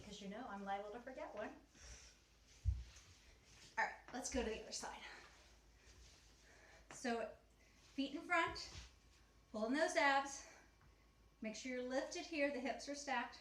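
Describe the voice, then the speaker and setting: A woman's voice: high voice, a bit bright. A woman teaching a beginner Pilates mat class at home, slightly out of breath, cueing moves and counting reps in an encouraging, chatty way. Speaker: Pilates instructor. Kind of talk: guided mat workout cueing. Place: home room. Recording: echoey room, faint ambient noise.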